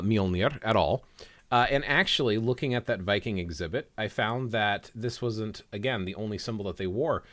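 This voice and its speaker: Male livestream host, lowish voice, chatty and opinionated. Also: a bit bright. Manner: opinionated, conversational, teasing. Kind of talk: casual livestream discussion.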